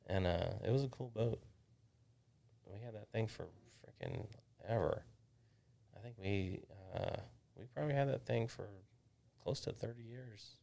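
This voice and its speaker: A man, a realtor guest, telling casual animated stories and swearing freely. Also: lowish voice, measured pace, creaky, long pauses. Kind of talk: casual storytelling chat.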